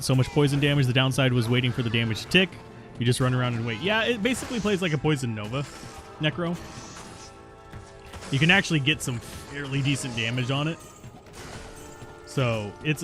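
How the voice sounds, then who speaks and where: A man's voice: medium pitch, fairly bright tone. Chatty male game streamer over faint music. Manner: chatty, stubborn and self-mocking, answering chat between plays. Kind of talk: casual live gameplay commentary.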